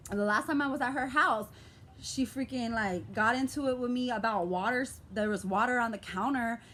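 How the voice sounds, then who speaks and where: A woman's voice: a little high, brisk, fairly bright tone, slight background noise. A young woman with an American urban vernacular accent, venting in a vlog, talking in a passionate, aggressive, profane way. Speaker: vlogger. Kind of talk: emotional vlog rant.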